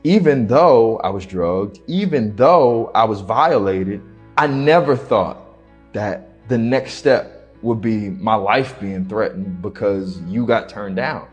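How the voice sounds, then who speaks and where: A young man, an interview guest, telling a personal story slowly and haltingly in casual slang. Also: lowish voice, faint music behind.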